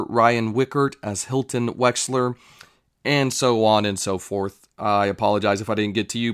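Brief: young male reviewer, mid pitch, dry close sound, loose rambling delivery, swears. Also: dry recording. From United States. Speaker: show reviewer. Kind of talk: casual show review.

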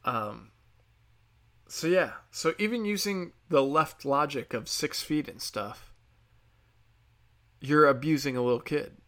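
A man's voice: on the high side, expressive, slow, long pauses, pushed and bright. A man hosting his own talk show, delivering an angry, profane and sarcastic political rant. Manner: mocks others in put-on voices. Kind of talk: ranting political commentary.

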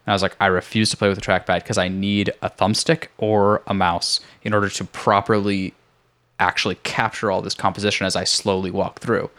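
A man's voice: lowish voice, level tone, fairly quick, a bit bright. A young man hosting a casual game podcast, rambling with many fillers and frequent laughs. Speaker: podcast host. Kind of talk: casual chat.

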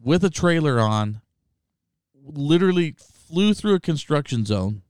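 A man's voice: a little high, measured pace, smooth, no echo, studio quality. A man co-hosting a podcast, telling a road story in casual, profane chat. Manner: animated anecdote teller, swears freely.

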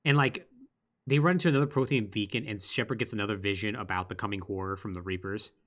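A man co-hosting a podcast, telling a game's story in casual, lively chat with quick asides. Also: fairly low pitch. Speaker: podcast co-host. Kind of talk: casual chat recapping a video game.

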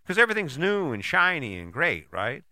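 A man's voice: a little high, huge pitch swings, a little fast, bright, forceful tone, dry recording. A man giving a casual motivational talk, folksy and chatty, who often adds "right?" and acts out quoted people in short bits. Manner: often tags sentences with "right?".

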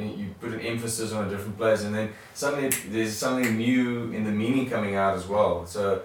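A man's voice: on the low side, a little fast, hardly any pauses, far from the mic, a little hiss or hum. Hesitant man in a very echoey room. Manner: hesitant, restarts and repeats words. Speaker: participant in a church study group. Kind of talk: casual group sharing.

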